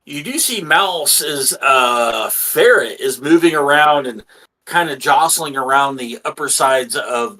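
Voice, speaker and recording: A man's voice: medium pitch, fairly bright tone. A man narrating as game master, rambling with many fillers and restarts.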